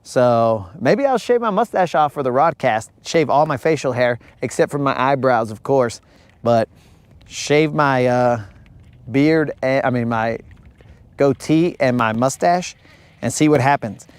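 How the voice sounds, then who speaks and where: Hosting a fishing livestream, a man from the United States rambles and jokes while reading viewer comments, drawing out his teasing. His medium-pitched voice is expressive and smooth, with no echo.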